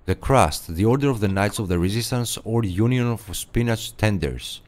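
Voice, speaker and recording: A man's voice: lowish voice, expressive, normal speed, lightly acted. A man voicing a pompous knight of a secret order in a video game, grandiose and theatrical, slipping into game-show host patter. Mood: solemn. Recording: game audio over loud music.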